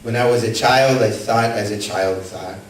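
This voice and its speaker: Male pastor, dynamic sermon delivery, loud calls and hushed asides, distant mic in a very echoey church with faint room noise. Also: fairly even intonation, moderate pace. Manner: swings between loud, high calls and soft, low asides; storytelling with rhetorical questions to the congregation. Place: church sanctuary.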